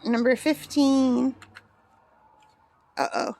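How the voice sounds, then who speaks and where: A woman's voice: high voice, steady tone, very slow, creaky, darkish tone. A middle-aged woman talking casually and rambling as she works on a craft vlog, laughing often. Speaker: craft vlogger.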